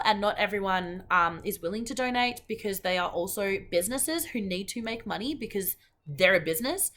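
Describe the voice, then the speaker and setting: A woman's voice: medium pitch, bright, forceful tone. A woman in her late twenties with an Australian accent, hosting a podcast in casual, earnest chat full of ums and restarts. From Perth, Western Australia. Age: 20s. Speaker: podcast host.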